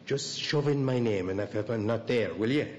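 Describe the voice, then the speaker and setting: Man cast as a friendly, hurried chap in a radio drama; echoing hall sound. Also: mid-range voice, lo-fi sound, slight background noise, natural voice. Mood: breezy. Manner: breezy, matey talk. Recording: long hall reverb, faint ambience.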